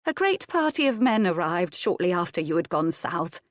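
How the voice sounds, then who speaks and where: A woman reads a proud old female servant who snaps at her mistress in a sharp, scolding tone. The voice sits low and the recording is dry and close. It is an audiobook reading. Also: sing-song, moderate pace, no room sound. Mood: bitter.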